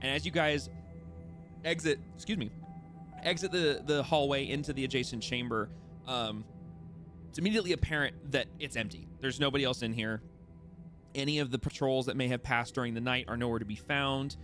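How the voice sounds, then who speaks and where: A man's voice: mid-range voice, steady tone, fairly quick, over music. A man narrating a tabletop game as its game master, with a rambling, self-correcting delivery. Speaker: dungeon master.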